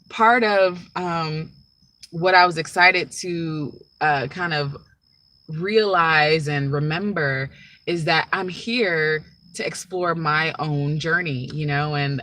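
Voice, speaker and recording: A woman's voice: deep voice, pushed and bright, slight background noise, poor audio. A woman speaking as a spiritual teacher in a casual, rambling monologue, often checking in with "right?" and "like".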